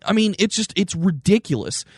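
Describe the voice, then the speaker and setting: A man co-hosting a podcast, ranting in animated casual political chat and mocking others with quick impressions. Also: sits high, dry recording, studio quality. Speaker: podcast co-host.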